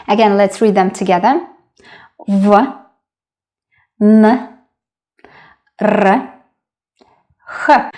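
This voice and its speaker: A woman with a Russian accent teaching a slow beginner lesson, patiently repeating each sound. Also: mid-range voice. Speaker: language teacher.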